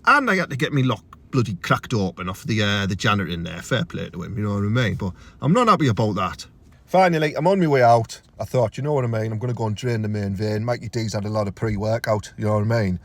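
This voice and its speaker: A young man with a Teesside accent delivering a crude, swearing comic rant to camera, his voice jumping high when he gets outraged. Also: expressive, fast talker, no echo. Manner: crude, ranting, swears freely, big pitch jumps when outraged. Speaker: comedian.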